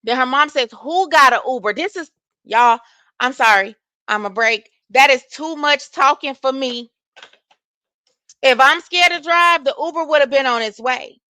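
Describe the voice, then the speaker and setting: A woman reads text messages aloud and reacts to them. Her tone is bright and animated, and she exclaims as she goes. The sound is close and dry. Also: sits high, unhurried, no echo. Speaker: host.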